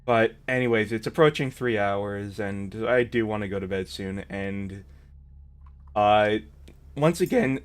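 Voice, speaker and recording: A man hosting a stream, chatting casually and laughing easily. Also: fairly low pitch. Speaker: streamer host.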